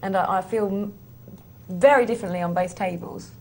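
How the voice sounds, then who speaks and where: A woman presenting a live poker show, chatty and quick, sharing her own play and reading out emails. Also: medium pitch, darkish tone. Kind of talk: live on-air poker talk.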